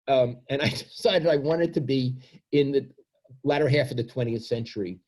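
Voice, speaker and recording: A man's voice: medium pitch, moderate pace, darkish tone. A man, reading from his book and then talking about himself in a reflective, self-deprecating way. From Brooklyn, New York. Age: 70s. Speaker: author.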